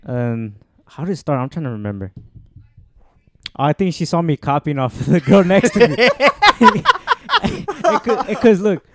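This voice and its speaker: A man's voice: a little high, big pitch swings, measured pace, a little hiss or hum. A young man co-hosting a casual podcast chat, telling stories with lots of restarts. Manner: rambling storytelling with restarts. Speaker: podcast co-host.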